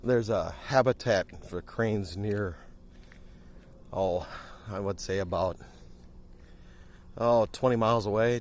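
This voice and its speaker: A man from Wisconsin, chatting casually and a little out of breath as he walks outdoors along a country lane, filming on a handheld phone. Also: lowish voice. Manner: rambling, chatty, talks while walking. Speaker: streamer. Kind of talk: casual walking vlog. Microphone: handheld phone while walking.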